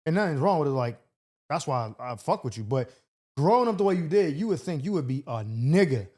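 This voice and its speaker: A man hosting a casual podcast chat, talking loosely with loud reactions and lots of fillers. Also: fairly high pitch, sing-song, fairly quick, husky. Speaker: host.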